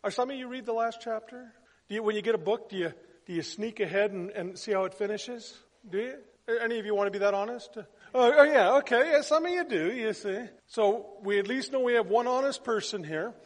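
A man with a fairly high voice preaching a sermon to his congregation. He talks in a conversational way and puts questions to the room. His voice rings out with the long reverb of a church hall. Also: brisk. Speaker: pastor.

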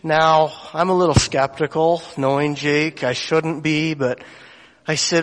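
A man's voice: fairly high pitch, fairly even intonation, a little slow, fairly bright tone. Folksy man preaching in a church. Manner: folksy, conversational asides. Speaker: lay preacher. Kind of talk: sermon storytelling. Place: church sanctuary. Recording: long church hall reverb.

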